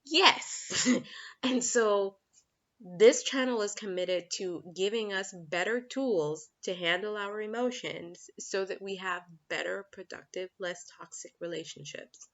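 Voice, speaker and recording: A woman's voice: mid-range voice, unhurried. Chatty, frank woman, dull lo-fi sound. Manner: chatty, frank, laughs often, breaks off to talk to her kids. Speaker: relationship coach. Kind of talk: casual talking-head vlog. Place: home.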